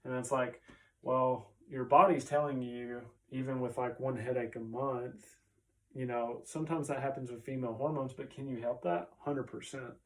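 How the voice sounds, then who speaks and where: A man's voice: medium pitch, fairly even intonation, normal speed. Male chiropractor, easygoing explainer tone, voice recorded somewhat far from the mic. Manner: conversational, often tags on "right?". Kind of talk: casual explainer talk.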